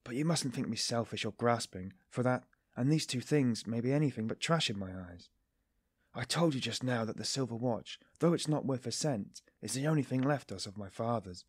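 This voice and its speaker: A man reading an audiobook, voicing a nervous young man who strains to sound calm. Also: mid-range voice, husky, no echo, clean studio sound. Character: nervous, guarded young man hiding guilt.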